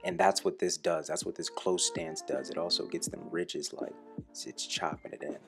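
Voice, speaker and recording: A man's voice: sits low, wildly swooping pitch, normal speed, gravelly, faint music behind. A young man talking casually and profanely over footage of his own workout, joking about himself in the third person. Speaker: fitness vlogger.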